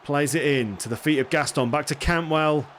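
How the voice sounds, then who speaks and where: A man casually commentating his own football management game, getting excitable and swearing when things go wrong. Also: a little high, moderate pace, slight background noise. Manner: excitable, swears when frustrated, self-deprecating asides. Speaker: gaming streamer.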